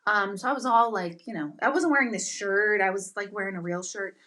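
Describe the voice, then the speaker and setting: A middle-aged woman hosting a live chat with her viewers, telling stories in an animated, excitable way with bursts of loud exclamation. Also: medium pitch, a little fast. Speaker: livestream host.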